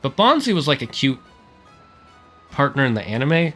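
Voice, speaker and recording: A man's voice: medium pitch, sing-song, normal speed, a bit bright, faint music behind. A man streaming a game with live, chatty, self-deprecating commentary.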